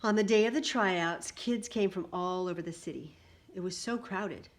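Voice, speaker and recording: A woman reading a picture book aloud in an animated way, adding little asides to her listeners. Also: on the low side, moderate pace.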